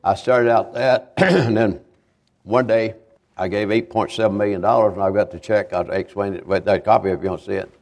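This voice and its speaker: An older man, a visiting evangelist giving a homespun sermon testimony, halting and repeating himself as he tells his stories. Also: on the low side, fairly even intonation, darkish tone. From Kentucky, USA. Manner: halting, repetitive, homespun storytelling.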